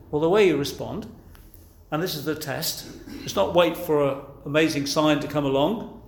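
A man's voice: fairly high pitch, moderate pace, gravelly. A man preaching a sermon, earnest and pleading, pressing his listeners with rhetorical questions. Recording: echoey room.

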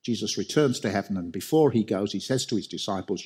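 A man's voice: lowish voice, fast talker, few pauses, husky. A man preaching a sermon, emphatic, asking rhetorical questions and repeating key phrases.

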